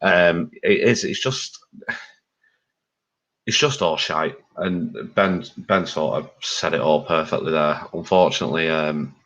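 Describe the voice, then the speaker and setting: A man's voice: a bass voice, unhurried, fairly bright tone. A man talking as a fan pundit in a casual discussion. He speaks candidly, rambles and swears. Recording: dull lo-fi audio.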